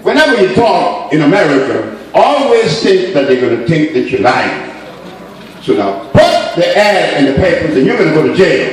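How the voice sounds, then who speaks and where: Animated man telling stories in a roomy hall. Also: on the high side, moderate pace, recorded from a distance. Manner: animated storyteller, laughing, playful emphasis. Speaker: lecturer. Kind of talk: storytelling talk to an audience.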